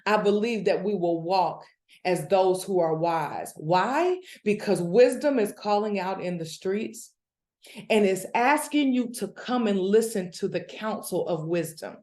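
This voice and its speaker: A woman giving a devotional Bible teaching, preaching with animated energy that builds in excitement. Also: medium pitch, unhurried, reverberant. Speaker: devotional speaker.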